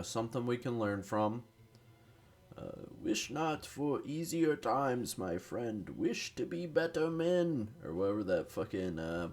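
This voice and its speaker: A man giving casual, rambling, profane commentary while playing a strategy game, a bit tired and fumbling for words. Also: sits low. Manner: rambling, profane, self-deprecating. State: tired, no morning caffeine. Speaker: gaming commentator.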